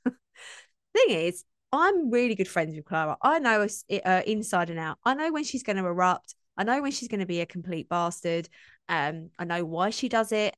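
A woman's voice: on the low side, no room sound, studio quality. A woman hosting her own coaching podcast, talking frankly and chattily with asides. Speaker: podcast host and self-belief coach. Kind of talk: casual solo podcast talk.

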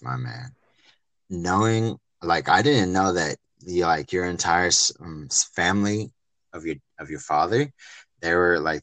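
Male host, very deep, dry close sound, casual. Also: fairly bright tone, dry recording. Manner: laid-back, filler-heavy, calls guest "my man". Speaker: interviewer. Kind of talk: casual faith interview.

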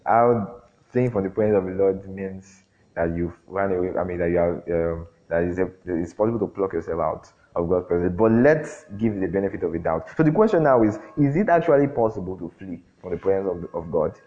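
A man preaching a sermon, often throwing questions at the congregation and filling pauses with "um". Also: sits low. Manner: call-and-response questions, frequent fillers. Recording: dull lo-fi recording.

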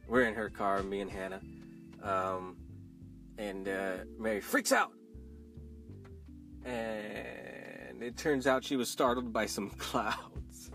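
A man's voice: on the low side, slow pace, vocal fry, pauses often, a bit bright, faint music behind. A man hosting a podcast in casual chat, an easygoing, self-deprecating storyteller. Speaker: podcast host.

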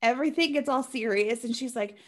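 Female podcast co-host, higher-pitched, chatty recapper with dry asides. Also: brisk. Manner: chatty, animated storytelling with sarcastic asides. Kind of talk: casual chat.

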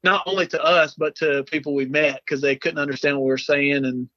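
A man from South Carolina with a Southern accent, chatting as a podcast guest in a relaxed, rambling way with many fillers. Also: on the high side, fairly quick, no room sound, muffled recording. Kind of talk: casual chat.

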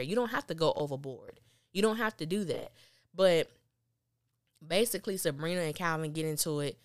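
Low-voiced woman recapping a TV episode. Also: no room sound, studio quality. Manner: animated, exclaims and acts out characters' lines. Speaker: TV recap podcaster. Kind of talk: casual TV episode review.

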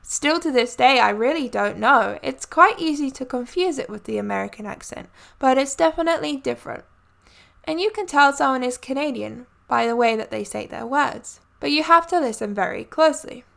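Woman, solo podcast host, gravelly vocal fry, chatty monologue. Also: sits high, animated, moderate pace, a bit bright. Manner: chatty and friendly, light laughs.

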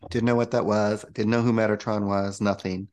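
A man being interviewed as a spiritual coach, telling a personal story in a casual, animated way and acting out the voices he quotes. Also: fairly low pitch, brisk. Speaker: guest, spiritual coach and channel.

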